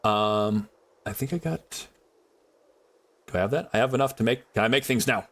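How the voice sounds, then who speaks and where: This survival-game streamer, who speaks only English, offers loose, rambling commentary, chatting with his audience and talking to objects in the game. His voice is lowish and slightly bright, with a moderate pace.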